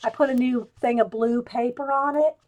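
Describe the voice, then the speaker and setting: This woman's slightly high, darkish voice holds a fairly even intonation at normal speed. She runs a casual show-and-tell webcam stream from her home craft table, talking directly to viewers, rambling, and drifting off topic.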